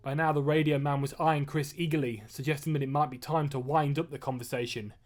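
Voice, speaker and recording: A man reading a chapter of his own novel aloud on a live stream, measured and steady, after a casual greeting. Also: on the high side. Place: at home. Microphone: webcam or phone mic.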